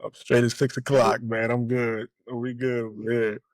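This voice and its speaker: A laid-back man co-hosting a podcast who teases his friend and drops "man" into his sentences. His voice sits at an ordinary middle pitch. It is recorded close and dry. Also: level tone, normal speed, no room sound. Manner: laid-back, teasing, says "man" a lot. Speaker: podcast co-host. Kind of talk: casual chat.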